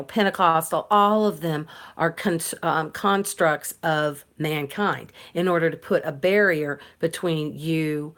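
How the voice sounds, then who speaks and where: Low-voiced earnest woman preaching. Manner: earnest, preachy, with many restarts and fillers. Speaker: political commentator. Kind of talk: casual faith monologue.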